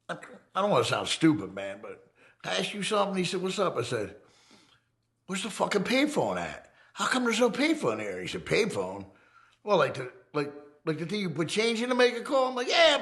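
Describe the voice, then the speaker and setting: A middle-aged man from the United States, an ex-convict telling his life story in a casual, profane, animated way, acting out the voices he quotes. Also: medium pitch.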